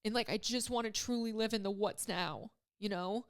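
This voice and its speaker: A woman in her twenties hosts a solo podcast, speaking casually and emotionally, choking up and rambling with many fillers. Her medium-pitched voice is smooth and moves at a moderate pace.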